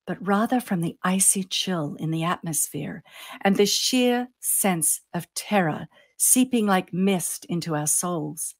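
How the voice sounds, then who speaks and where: An author reads her own story aloud in a fairly low woman's voice. She builds suspense, lifting for the tense moments and letting each phrase sink softly at the end.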